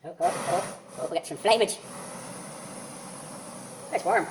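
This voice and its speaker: A man's voice: high voice, unhurried, background noise. A man joking to himself while giving casual commentary on restoring a car in his home garage.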